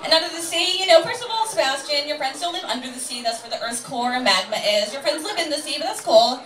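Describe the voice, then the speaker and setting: A woman's voice: high-pitched, expressive, fast talker, fairly bright tone. A woman comedian doing a stand-up set in a club, loose and sarcastic with crude punchlines. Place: comedy club stage with a live audience. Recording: roomy live club recording from a distance, with audience noise.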